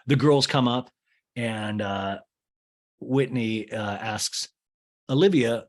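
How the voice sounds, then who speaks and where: A young man hosting a casual comedic recap, acting out quotes in exaggerated, higher put-on voices. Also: normal speed. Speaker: podcast host recapping a reality show.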